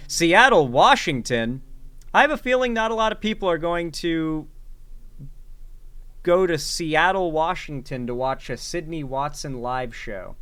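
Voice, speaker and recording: A man's voice: fairly high pitch, unhurried, clean tone. Sarcastic man with a raised voice. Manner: sarcastic, rambling, with filler words. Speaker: commentary host. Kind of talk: casual reaction commentary.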